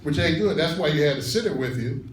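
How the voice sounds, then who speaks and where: A man spins stories for a conference crowd in loose, everyday speech, laughing between his lines. He stands well back from the mic in an echoey room, with steady noise under his voice. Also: fairly high pitch, fast talker, distant mic. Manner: colloquial, animated, laughs through his stories. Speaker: lecturer. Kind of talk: storytelling talk to an audience.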